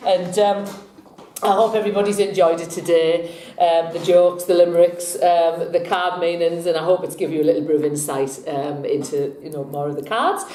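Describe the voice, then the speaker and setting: A woman's voice: fairly low pitch, fairly even intonation, moderate pace, mellow, reverberant. A woman hosting a tarot vlog, chatting casually, telling a joke and laughing often, sometimes breaking into song.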